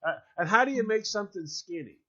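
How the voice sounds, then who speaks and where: A man's voice: high-pitched, animated, quick pace, bright, forceful tone, muffled recording. A man co-hosting a comedy talk show, ranting in exasperation and laughing as he goes. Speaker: radio show co-host. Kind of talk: comedic banter.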